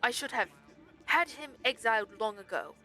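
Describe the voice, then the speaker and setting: A woman's voice: a little high, animated, normal speed, bright, forceful tone, soft background music. A woman playing a pompous stag prince. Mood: resentful. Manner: haughty, grandiose, petulant. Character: pompous male stag prince, vain and spiteful.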